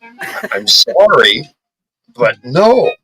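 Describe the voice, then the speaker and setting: A man's voice: medium pitch, sing-song, extremely slow, pushed and bright, husky, no room sound, poor audio. A man hosting a casual chat, blunt and defiant, swearing heavily with stammering restarts. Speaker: podcast host.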